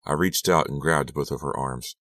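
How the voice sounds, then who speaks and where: A man reading an audiobook aloud as first-person narration, steady and measured. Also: a bass voice, no echo, clean studio sound. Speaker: audiobook reader.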